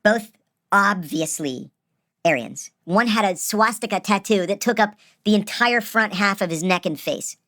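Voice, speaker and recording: A man casually telling a personal story, animated and acting out the people he quotes. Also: high voice, a little slow, no echo, studio quality. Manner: animated, acts out quoted voices.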